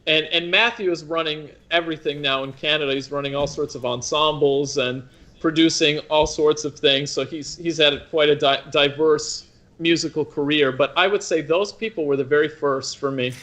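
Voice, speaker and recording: A man in his thirties, an opera singer being interviewed, speaks in a bright, forward voice. He pitches a little above most men and talks thoughtfully, circling back with restarts and "you know" as he gathers his thoughts. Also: fairly even intonation, normal speed. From United States. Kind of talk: conversational interview.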